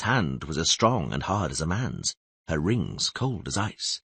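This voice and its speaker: A man narrating a fantasy audiobook in steady, expressive storytelling. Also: extremely low pitch, a little slow, gravelly, breathy edge, dry recording. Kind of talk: scripted narration.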